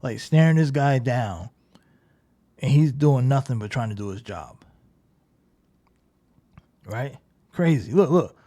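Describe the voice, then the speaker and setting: Warm and expressive, a medium-pitched male voice moves at a slow pace with long pauses. He critiques game footage conversationally, constantly noting things, leaning on "like" and "right?", and sounding openly incredulous.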